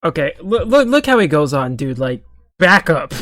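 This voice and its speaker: Sarcastic, high-voiced young man ranting. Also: sing-song, normal speed, a bit bright, dry recording. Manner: sarcastic, profane, exasperated. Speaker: online commentator. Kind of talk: ranting commentary.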